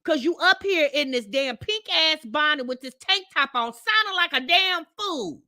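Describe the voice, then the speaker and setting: A woman hosts a reaction commentary, her voice high and swinging widely in pitch. She talks in a sassy, mocking way and breaks into loud outbursts, with a bright edge, recorded dry and close. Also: expressive, normal speed, no echo. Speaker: reaction video host. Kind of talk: commentary on a played clip.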